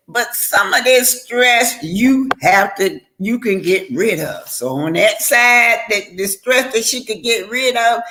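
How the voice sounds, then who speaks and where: A woman's voice: mid-range voice, fairly bright tone. An older woman, a grandmother, talking casually on a live stream and giving heartfelt life advice, preachy in tone and often stumbling and restarting her words.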